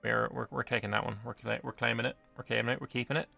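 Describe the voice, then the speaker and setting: A British man streams a strategy game, joking with chat and swearing casually as he commentates. His mid-range voice stays level while he talks very fast, with vocal fry and a pushed, bright quality. Soft music plays in the background.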